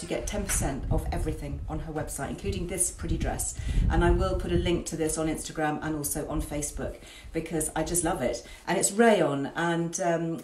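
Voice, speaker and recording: Chatty woman in an echoey kitchen. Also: fairly low pitch. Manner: warm chatty asides, cheerfully informal. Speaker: cooking show host. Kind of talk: chatty home cooking demonstration. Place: home kitchen on her farm. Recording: roomy kitchen echo.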